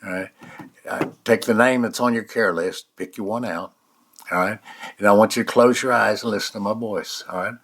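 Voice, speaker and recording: Man in his 70s, deep voice, folksy teacher walking listeners through a mind exercise. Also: husky. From United States. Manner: folksy, repeats "all right?" and "okay?"; slow, soft-spoken guidance. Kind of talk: guided eyes-closed exercise talk.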